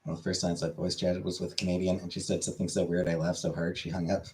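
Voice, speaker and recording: A young man talks loosely to his stream viewers, drifting from point to point with plenty of "like" and "you know." His voice sits a bit low and easygoing. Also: fast talker. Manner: relaxed, rambling with many fillers. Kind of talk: casual chat with viewers.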